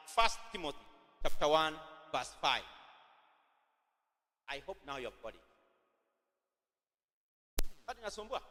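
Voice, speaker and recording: A man with a Kenyan accent preaching at a youth camp, slowly dictating points and repeating phrases, slipping into Swahili. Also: on the high side, sing-song, bright, forceful tone, big-room sound. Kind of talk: teaching sermon dictated as notes.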